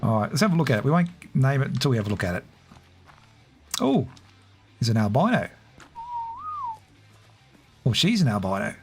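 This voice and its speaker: A man's voice: medium pitch, big pitch swings, normal speed, gravelly, pauses often, husky, soft background music. A man chatting casually while streaming a game, greeting viewers by name and laughing often. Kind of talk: casual livestream chat.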